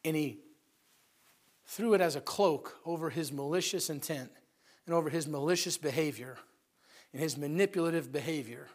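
High-voiced man preaching a folksy sermon. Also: normal speed, long pauses. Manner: animated storytelling, acting out characters' voices.

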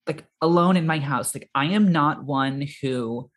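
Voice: mid-range voice, unhurried. Rambling, chatty podcast co-host. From America. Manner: rambling, full of "like", animated quoting. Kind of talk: casual chat about a film.

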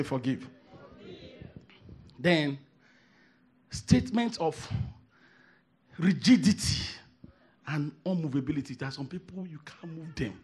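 A man preaching a sermon, emphatic, repeating phrases and swinging from hushed asides to shouted declarations. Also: on the high side.

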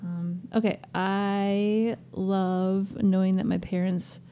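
A woman's voice: mid-range voice, little pitch movement, slow pace, mellow, clean tone. A middle-aged woman and mother co-hosting a casual family podcast, gushing and laughing often. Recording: faint background noise.

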